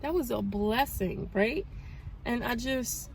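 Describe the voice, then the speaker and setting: A woman in her thirties chatting casually in a vlog, telling a story with animated and grateful talk. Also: fairly high pitch, slow, gravelly, a little hiss or hum. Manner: animated storytelling, praises God. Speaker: vlogger. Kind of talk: casual chat.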